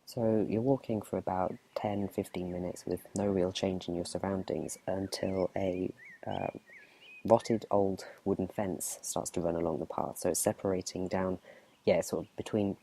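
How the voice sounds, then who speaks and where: A man running a tabletop game as game master, narrating in a relaxed, chatty whispered role-play. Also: deep voice, moderate pace.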